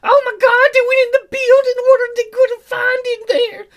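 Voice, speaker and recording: A man doing a shrill, squealing excited girl. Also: fairly quick. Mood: thrilled. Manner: shrill and gushing. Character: squealing overexcited young girl.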